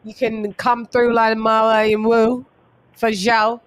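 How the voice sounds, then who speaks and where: A woman's voice: a little high, monotone, slow pace. A woman hosting a casual boxing livestream, chatting with guests and greeting viewers from the chat. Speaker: host.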